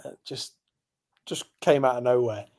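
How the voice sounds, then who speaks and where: A man's voice: mid-range voice, normal speed, a little mellow. A young man from England rambling through a night-out story on a podcast. His voice sits in a middle register, and he talks loosely, full of fillers and asides. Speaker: podcast co-host. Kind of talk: casual chat.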